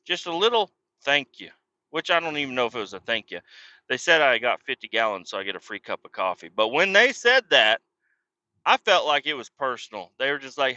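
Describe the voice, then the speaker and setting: A man's voice: medium pitch, animated, a little fast, bright, forceful tone, no room sound. A man hosting a podcast, telling a rambling, profane story about his day in casual talk. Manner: profane, rambling, swears constantly. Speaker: podcast host. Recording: dull lo-fi, dry.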